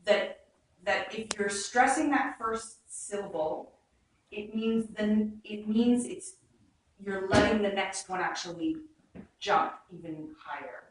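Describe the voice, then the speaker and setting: A woman's voice: mid-range voice, slow, a little hiss or hum. A woman teaching an acting workshop, explaining Shakespeare's verse in a chatty way and acting out lines as examples. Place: rehearsal room. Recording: echoey room, far from the mic.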